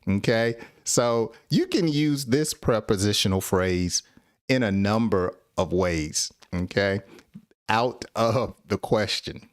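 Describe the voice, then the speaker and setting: A man teaching an English lesson on a live stream. He laughs often and acts out example dialogues in a slightly higher voice. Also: takes it slowly, no echo, clean studio sound.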